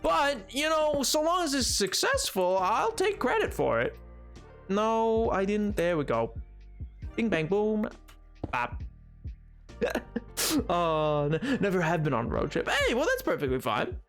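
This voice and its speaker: A man's voice: sits high, huge pitch swings, measured pace, long pauses, fairly bright tone, faint music behind. A man streaming a game, chatting casually with a rambling, playful, self-mocking way of talking. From United States. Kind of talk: casual livestream chat while gaming.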